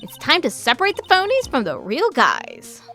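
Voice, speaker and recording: A woman puts on an eager, good-hearted male detective who talks in folksy buddy slang. The tone is bright and lively, over soft game music. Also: high voice, normal speed, heavily acted. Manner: folksy, eager, with "pal" and "you bet". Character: loyal blustery male police detective.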